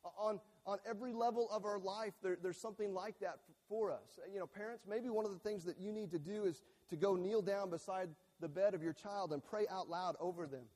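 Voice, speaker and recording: A man's voice: high-pitched, brisk, few pauses, a little mellow, long reverb tail. A male pastor preaching a sermon to a congregation, earnest and emphatic, who repeats key phrases and trips over and restarts his words. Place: church sanctuary with a screen behind him.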